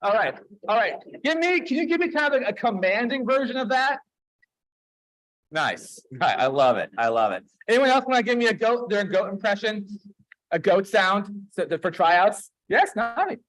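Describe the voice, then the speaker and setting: Very high-voiced playful man. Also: sing-song, a bit bright, poor audio. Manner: playful, encouraging, quick back-and-forth with the crowd. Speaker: service leader and storyteller. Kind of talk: leading a holiday service with a participatory story. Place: dim room at a congregation gathering.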